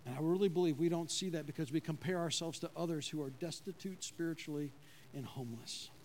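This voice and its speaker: A man preaching a sermon as pastor, in a conversational way, asking the congregation questions and dropping to a low, quiet voice when he quotes God. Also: fast talker, slight background noise.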